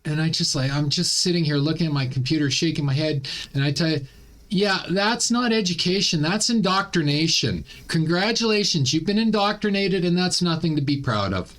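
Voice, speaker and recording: A man's voice: on the high side, lively intonation, normal speed, fairly bright tone. A Canadian man hosting a casual opinion commentary, blunt and ranting. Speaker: commentary channel host.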